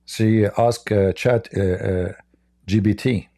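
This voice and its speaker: A man hosting a live debate stream, talking in a mocking, sarcastic, halting way. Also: on the low side, fairly even intonation, creaky, dark tone, no room sound, clean studio sound. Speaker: Christian apologist livestream host.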